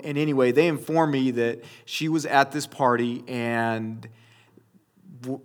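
Speaking directly to his listeners during a sermon, a man with a mid-range, slightly bright voice shares a personal story. His delivery rambles, full of fillers and repeated restarts.

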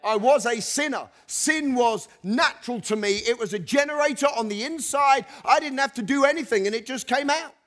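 A man's voice: very high-pitched, moderate pace, few pauses. A middle-aged male pastor preaching a sermon, reading scripture with conversational asides and leading the congregation in call-and-response. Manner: animated, leads the congregation in repeated call-and-response; chuckles between points, conversational asides.

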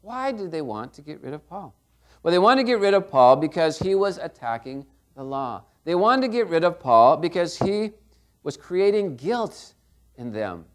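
A middle-aged man preaching a sermon in a conversational way, often checking in with the congregation. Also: a little high. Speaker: pastor.

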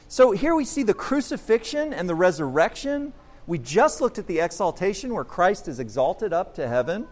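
A man with a high voice delivers an expository sermon from the pulpit. He is earnest and emphatic and often repeats words as he builds toward each point. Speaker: pastor.

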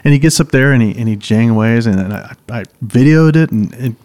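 A man's voice: medium pitch, animated, brisk, a little mellow. A man hosting a podcast, telling a long anecdote in casual chat with many restarts. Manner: rambling storyteller with many restarts. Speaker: podcast host.

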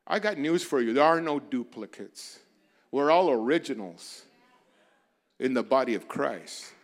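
A man preaching a sermon as a pastor, moving from quiet asides to loud, urgent exhortations. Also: medium pitch, animated, a little slow. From barrio in the United States.

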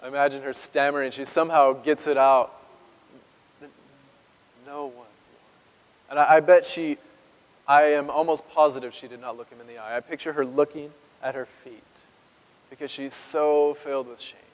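A man preaching a sermon as pastor, earnest and emotional, with dramatic pauses and drops to a hush on key words. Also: medium pitch, fairly even intonation. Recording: long reverb of a large hall.

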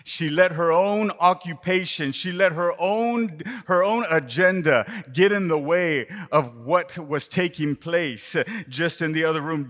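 A man delivering a sermon, repeating rhetorical questions to the congregation and moving between loud impassioned preaching and near-whispers. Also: a little high. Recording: long reverb of a large hall.

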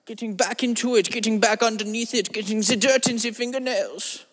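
A man's voice: high voice, steady tone, fairly quick, fairly bright tone, slightly rough. A man voicing a rambling, self-absorbed eccentric in a comedy monologue, drawling and meandering, then turning suddenly crude. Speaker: comedy podcast host. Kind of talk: absurd comic monologue in a character voice. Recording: long reverberant echo.

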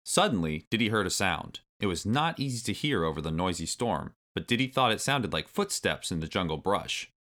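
Male storybook narrator, low and bright, very lively delivery. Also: fairly quick, few pauses. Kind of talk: storybook read-aloud.

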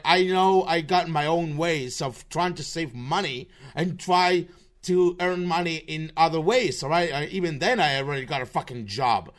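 A man's voice: on the high side, fairly bright tone. A man hosting his own show, delivering a rambling, profane and mocking commentary rant full of restarts. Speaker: show host. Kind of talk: ranting online commentary.

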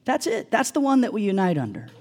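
A male pastor giving a sermon in an animated, joking, conversational way. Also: sits high, fast talker, husky.

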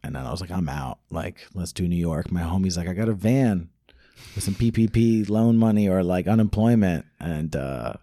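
A man's voice: low-pitched, expressive, normal speed, mellow, no echo, studio quality. A man from New Jersey chatting as a podcast guest, joking and rambling through his stories. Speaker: guest, rapper. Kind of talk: casual podcast chat.

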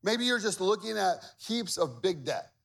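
A male pastor preaching a sermon, animated and conversational, with humor and acted-out quotes. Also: high-pitched, moderate pace, vocal fry. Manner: acts out quoted voices with big swings in loudness.

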